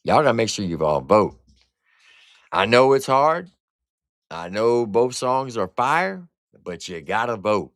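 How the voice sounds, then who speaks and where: A man's voice: on the low side, sing-song, normal speed, dry recording, clean studio sound. A man hosting a casual livestream album review, talking in blunt, profane slang. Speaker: music reviewer and streamer host.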